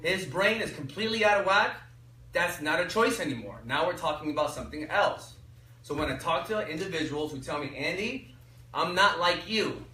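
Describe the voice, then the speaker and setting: A man giving an energetic workshop talk, often quizzing the audience with fill-in questions. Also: fairly high pitch, moderate pace. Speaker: workshop speaker. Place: echoey workshop room. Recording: roomy echo, mic from far off, faint noise.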